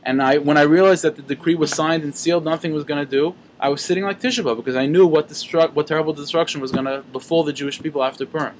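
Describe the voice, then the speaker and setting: A man's voice: on the high side, fairly even intonation, fast, hardly any pauses, slight background noise, natural voice, rough recording. A man playing a stern, grieving old rebbe. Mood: solemn. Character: grieving elderly male rebbe, stern and upset.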